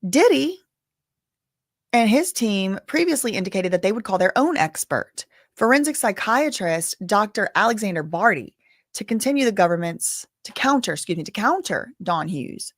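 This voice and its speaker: Tired chatty woman doing live stream commentary, reading updates out, mid pitch, dry close mic. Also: sing-song, normal speed, no echo. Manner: chatty, reads updates aloud with asides and sighs. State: tired, yawning.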